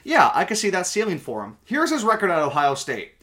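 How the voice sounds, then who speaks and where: A man's voice: high-pitched, huge pitch swings, a little fast, a bit bright. A young man co-hosting a casual sports podcast, emphatic and opinionated, swearing now and then. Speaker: podcast co-host.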